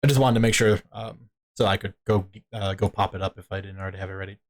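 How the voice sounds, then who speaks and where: A man's voice: sits low, fairly even intonation, fast. A man running a tabletop game as game master, rambling with many filler words.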